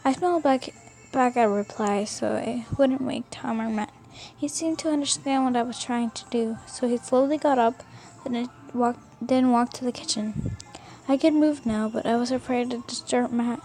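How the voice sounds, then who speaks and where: A woman's voice: on the high side, moderate pace, darkish tone. A young woman casually reading a fan fiction story aloud, often stumbling and rereading words.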